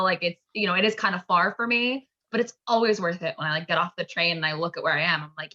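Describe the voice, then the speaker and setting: A young woman with a bright, forceful voice chats casually and laughs easily, filling her talk with "like". She is from upstate New York. The sound is a little dull and lo-fi. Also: fairly low pitch, fairly even intonation, quick pace, hardly any pauses. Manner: chatty, lots of "like" fillers, laughs often. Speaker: podcast guest, actor and comedian. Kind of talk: casual chat.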